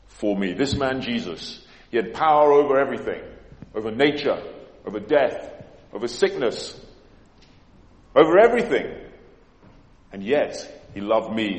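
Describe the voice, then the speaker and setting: A low-voiced man delivers a sermon in a large, echoing church hall. He dramatizes his quotes with sudden emphatic surges, and the long reverb trails every phrase. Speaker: preacher.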